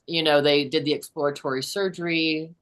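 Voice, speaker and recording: A woman's voice: sits low, fairly even intonation, fairly quick. A woman in her sixties, a guest on a podcast, telling a personal story in an earnest, chatty way with many "you know"s. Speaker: podcast host and author, guest. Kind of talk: storytelling in a casual interview.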